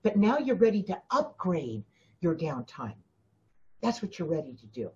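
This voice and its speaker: A woman's voice: fairly low pitch, very animated, moderate pace, dark tone, dull audio. A woman hosting a spiritual coaching talk, speaking emphatically to her listeners, often repeating herself and addressing them directly. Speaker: spiritual teacher and host.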